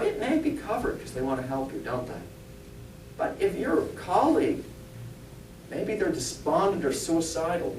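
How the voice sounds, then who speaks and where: Chatty pastor guy giving a sermon, voice a bit high, kinda far from the mic in a roomy church. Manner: chatty, joking, asks the congregation rhetorical questions. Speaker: spiritualist pastor and medium. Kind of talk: conversational sermon. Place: church hall. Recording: echoey church, mic far off, faint rumble.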